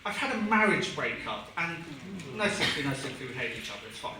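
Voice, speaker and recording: A young man doing stand-up with a dry, sardonic delivery and a fairly high voice. He sounds far from the mic, and the club's hard walls echo around him. Crowd noise hangs under his words. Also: fast talker. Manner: deadpan, sardonic storytelling with swearing. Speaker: stand-up comedian. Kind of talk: stand-up comedy set. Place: comedy club, live audience. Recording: echoey club recording from afar, audience noise.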